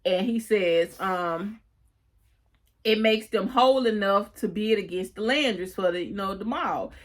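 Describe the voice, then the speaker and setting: A woman talks through a TV episode in a loose, chatty recap. Her voice sits at a middle pitch, and she strings scenes together with a steady run of "you know"s, like she is catching up a friend. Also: a little slow. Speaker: TV recap host.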